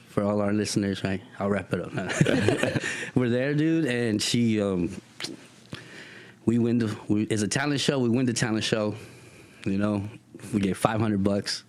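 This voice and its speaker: A man being interviewed, telling a story in a casual, animated way, with street slang and acted-out voices. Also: on the low side, unhurried, no room sound. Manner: animated, acts out voices in his stories. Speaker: guest.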